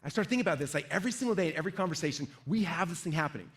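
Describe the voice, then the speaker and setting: A middle-aged man giving a lively live sales seminar, quizzing the audience and acting out inner voices. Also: on the high side, rapid-fire. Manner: energetic, asks the audience questions, acts out inner voices. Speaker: sales trainer.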